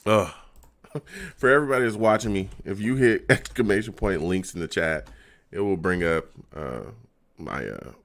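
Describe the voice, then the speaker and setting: A man's voice: fairly low pitch, animated, normal speed, fairly bright tone. A young man on a live stream reacting to a football game, laughing constantly and exasperated, talking in slang to his chat.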